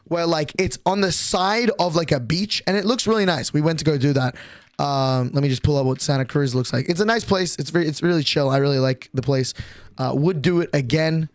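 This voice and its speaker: A young man chats to his stream audience in a loose, rambling way, tripping over his words and swearing freely. His voice sits a little high for a man, and the sound is dry and close with no room echo. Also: brisk. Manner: rambling, profane, many restarts and fillers. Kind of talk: casual stream chat, storytelling.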